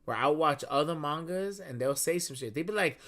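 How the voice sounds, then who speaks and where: A man co-hosting a podcast, telling profane stories in casual chat with sudden loud outbursts. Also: on the high side, animated, brisk. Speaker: podcast co-host.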